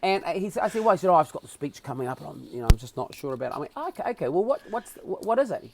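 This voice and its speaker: A man's voice: a little high, racing, gravelly, a crowd in the background. A man with a New Zealand accent, a podcast guest telling a story and acting out the dialogue. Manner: acts out dialogue with lively swings in voice. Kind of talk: animated storytelling.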